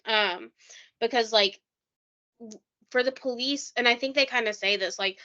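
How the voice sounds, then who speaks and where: A woman's voice: a little high, normal speed, bright, forceful tone, highs cut off. A woman co-hosting a casual true-crime podcast, chatting loosely with lots of "like" and reading quotes aloud. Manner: chatty, heavy use of "like", reads quotes aloud. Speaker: podcast co-host.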